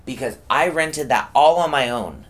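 Man in casual chat, expressive storyteller with a lively, swinging pitch. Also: normal speed. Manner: expressive storyteller, acts out his reactions. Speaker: rehab resident telling prank stories. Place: residential rehab house.

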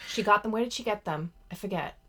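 A young woman co-hosting a casual podcast chat, talking quickly and backing up her co-host. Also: mid-range voice, pushed and bright.

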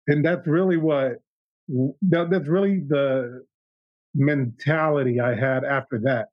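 A man's voice: medium pitch, steady tone, a little slow, no room sound, lo-fi sound. Reflective young man, dry close sound. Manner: reflective, with restarts and retold dialogue. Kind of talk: casual podcast conversation.

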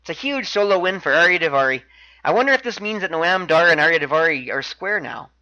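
Bright-voiced man recapping wrestling. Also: a little high, lively intonation, quick pace, muffled recording. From Canada. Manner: chatty, wry asides. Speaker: podcast host.

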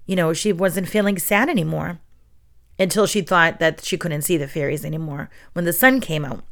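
A woman's voice: lowish voice, normal speed. Gushing middle-aged woman storyteller. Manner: gushing, animated storyteller who acts out quotes. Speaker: preschool teacher and story podcast host. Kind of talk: reading a bedtime story and chatting afterwards.

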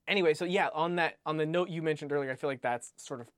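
Guy chatting about a book, kinda high voice, rambly and animated, dry close mic. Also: normal speed, no echo. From United States. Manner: rambling, animated, frequent "like" and restarts, swears casually. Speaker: podcast co-host discussing a book. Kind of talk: casual chat.

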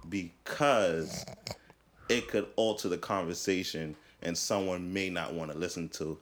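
A man on a casual podcast who argues back and keeps interjecting. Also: low-pitched. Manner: argumentative, quick to interject.

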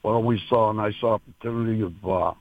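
A man, a racehorse owner, being interviewed over the phone, talking in a halting way with many fillers and restarts, emotional. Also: lowish voice, steady tone, dry recording. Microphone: telephone. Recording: tinny phone line.

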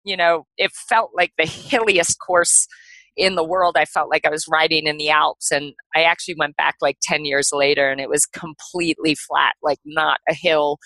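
A middle-aged woman, a podcast guest, telling a personal story in a casual, animated way with lots of "like" and "you know". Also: deep voice, normal speed, no echo, low-quality recording.

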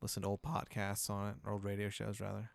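A man in a casual comedic chat, laid-back and amused, often halting with fillers. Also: lowish voice, completely flat delivery, gravelly, no room sound.

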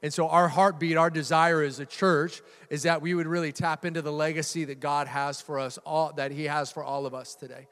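Speaking briskly with few pauses, this pastor has a slightly high, fairly bright voice that barely moves in pitch. He jokes conversationally with a live church-hall audience during his sermon, frequently repeating words, and the hall's reverberation is audible.

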